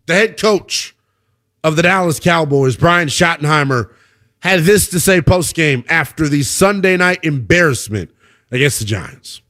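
A man's voice: fairly high pitch, lively intonation, a little slow, a bit bright. A man hosting a sports talk radio show, delivering an emphatic, opinionated monologue and taking calls.

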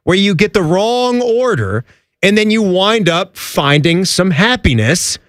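A man's voice: high-pitched, very animated, measured pace, a bit bright, dry recording, studio quality. A man hosting a show in playful, joking casual chat. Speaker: show host.

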